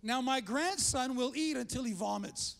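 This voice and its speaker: High-voiced older pastor preaching in a church. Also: male voice, moderate pace, creaky, fairly bright tone. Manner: fervent preaching with congregation call-outs and frequent restarts. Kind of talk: sermon. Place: church sanctuary. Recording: long reverb of a large church hall.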